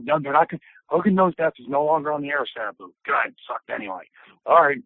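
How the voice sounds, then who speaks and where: A former wrestler, a man, telling lively anecdotes as an interview guest, acting out voices and laughing often. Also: a little high, fast talker, no echo. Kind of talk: casual storytelling. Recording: tinny phone line.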